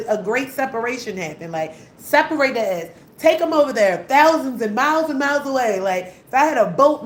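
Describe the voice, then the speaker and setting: Ranting woman, echoey room. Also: fairly high pitch. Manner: heated, blunt, repetitive, swearing often. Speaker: vlogger. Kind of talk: angry profane rant. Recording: echoey room with faint hum.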